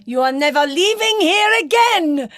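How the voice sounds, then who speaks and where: A woman's voice: extremely high pitch, lively intonation, unhurried, fairly bright tone, dry recording, studio quality, full character voice. A woman playing an overbearing, doting Italian mother with a put-on Italian accent in an improv scene. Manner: smothering, melodramatic, pleading.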